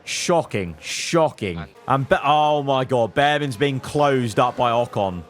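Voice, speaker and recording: A young gaming video creator keeps a measured pace as he commentates on his own racing management game, with faint music behind him. He talks to his drivers throughout, shifting from low muttering to loud outbursts.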